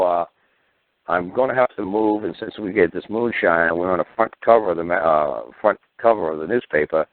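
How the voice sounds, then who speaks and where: A man's voice: deep voice, fairly quick, dry recording. A middle-aged man hosting a talk show, blunt, profane and combative, acting out courtroom exchanges as he rants. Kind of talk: ranting radio call-in talk. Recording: tinny phone-line audio.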